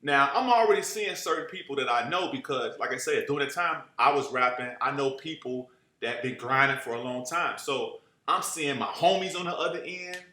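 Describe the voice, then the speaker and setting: A man's voice: medium pitch, moderate pace. A young man telling a casual, profane story and acting out the people he quotes. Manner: animated, acts out quoted voices, profane street slang. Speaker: storyteller guest. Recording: roomy echo.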